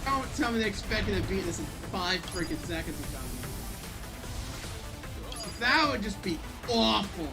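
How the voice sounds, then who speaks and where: A woman streaming a video game, frustrated, swearing and shouting at the game as she plays. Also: mid-range voice, expressive, moderate pace. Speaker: gaming streamer. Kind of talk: live gameplay commentary. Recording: game music playing behind.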